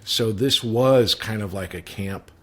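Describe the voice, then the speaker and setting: A man's voice: on the low side, measured pace, fairly bright tone. A man, a guest actor, casually recounting stories from a set and laughing as he tells them. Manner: storytelling, laughs while recounting. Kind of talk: casual podcast chat.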